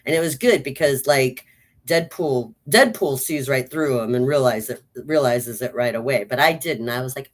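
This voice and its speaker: A woman's voice: a bass voice, moderate pace. A woman giving a casual spoken movie review, chatty and enthusiastic, with lots of "like" and "um".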